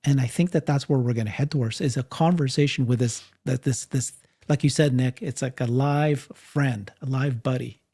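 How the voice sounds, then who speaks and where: Guy cohosting a chat show, gravelly and kinda dark-toned, laughs a lot. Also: mid-range voice, normal speed. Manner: animated, laughs often, restarts mid-sentence. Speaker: podcast co-host. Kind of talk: casual panel chat.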